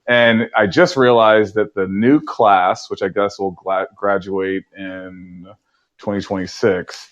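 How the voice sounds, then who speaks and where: A man in his forties, a podcast guest telling stories in a relaxed way and acting out his own past lines with big jumps in pitch. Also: slow, dull audio. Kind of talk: conversational storytelling.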